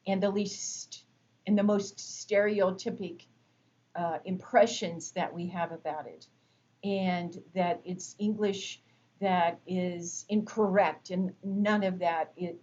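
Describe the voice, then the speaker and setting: Slow, measured woman lecturing. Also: on the low side, darkish tone, lo-fi sound, slight background noise. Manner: measured, explanatory with frequent fillers. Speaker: instructor. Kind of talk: recorded lecture.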